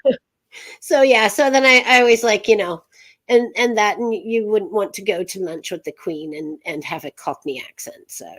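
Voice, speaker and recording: A woman's voice: mid-range voice, normal speed, a bit bright. A woman hosting an interview show, chatty and rambling, laughing often between remarks. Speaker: host. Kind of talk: casual chat show interview.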